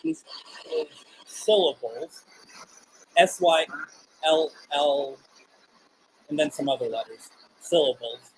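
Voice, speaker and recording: A man hosting a live paranormal show, calmly coaxing spirits with questions and frequent hesitations. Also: a little high, a little slow, long pauses, slightly rough, low-quality recording. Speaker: paranormal radio show host. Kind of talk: live spirit box session, addressing spirits and chat.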